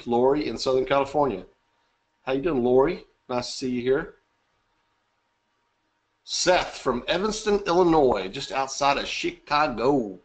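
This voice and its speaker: A man hosting a live webinar, chatty and upbeat, greeting attendees by name and joking. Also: medium pitch. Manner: upbeat, chatty, reading names aloud and joking. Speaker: webinar host.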